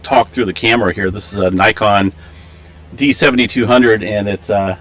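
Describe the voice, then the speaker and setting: A man hosting a casual live stream, chatting in a relaxed, rambling way with lots of fillers, through a camera microphone. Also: lowish voice, moderate pace.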